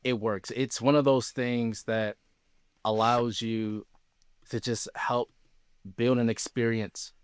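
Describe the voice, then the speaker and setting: Brief: easygoing man, smooth clear voice, dry close recording. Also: medium pitch, little pitch movement, slow, no echo. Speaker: podcast guest. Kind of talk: casual interview chat.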